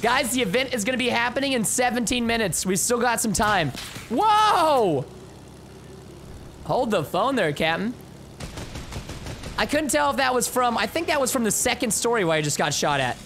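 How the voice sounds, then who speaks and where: A young man giving live gameplay commentary as a streamer, excitable and chatty, with bursts of yelling at the game. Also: extremely high pitch, brisk, slight background noise. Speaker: gaming livestreamer.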